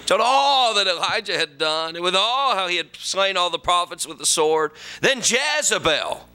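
Bright-voiced preacher. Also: male voice, high voice, animated, moderate pace, clear, resonant tone. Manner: folksy storytelling, reads scripture aloud. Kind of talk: sermon.

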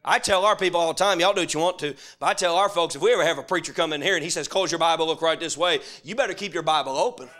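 High bright-voiced preacher. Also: male voice, rapid-fire, hardly any pauses. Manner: swings from hushed storytelling to shouting. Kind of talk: sermon.

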